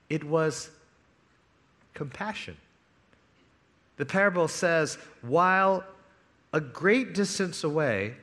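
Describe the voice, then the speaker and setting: A man preaching a sermon in a bright, forceful voice. His pitch sits a little high for a man. He retells a parable with swings between hushed lines and loud, eager ones. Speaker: pastor.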